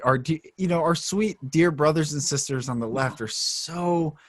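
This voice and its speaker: A man hosting a casual conversation, gentle and affirming in manner. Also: on the high side, normal speed, no room sound. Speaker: podcast host.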